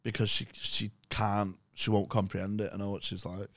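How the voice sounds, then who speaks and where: A man's voice: on the low side, level tone, moderate pace, fairly bright tone, dry recording. A man telling sweary, rambling anecdotes in casual podcast chat.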